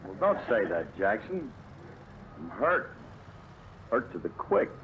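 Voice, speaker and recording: Phil, a folksy dim bandleader. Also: male voice, lowish voice, big pitch swings, slow, phone-quality sound. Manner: folksy, self-pitying, ungrammatical. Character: boastful, dim-witted male bandleader. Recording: old radio broadcast with hiss.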